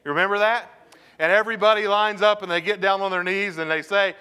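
Male pastor, bright ringing tone, conversational sermon full of call-and-response. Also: high voice, brisk, clean tone. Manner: engaging the congregation with questions. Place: church sanctuary.

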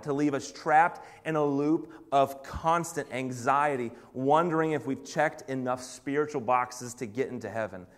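Male preacher, earnest and confessional, slightly higher voice, stumbles through restarts. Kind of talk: sermon.

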